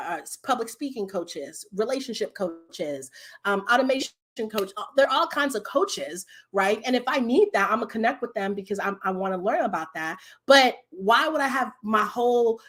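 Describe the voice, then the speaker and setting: Chatty woman coach on a livestream. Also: a little high. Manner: animated, chatty, laughs often, talks to viewers in the comments. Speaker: business coach hosting a live stream. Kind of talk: casual live-stream talk.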